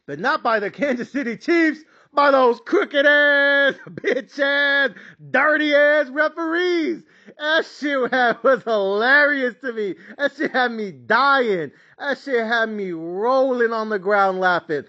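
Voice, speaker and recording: A man hosting a sports betting podcast, ranting in a loud, brash, profanity-filled style and repeating his catchphrases. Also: high-pitched. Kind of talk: profane hyped podcast rant. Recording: dull lo-fi audio.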